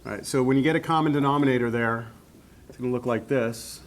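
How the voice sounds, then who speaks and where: A man's voice: mid-range voice, fast. Male math teacher lecturing a class, patient step-by-step delivery, light background noise. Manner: explains step by step, checks in with "right?".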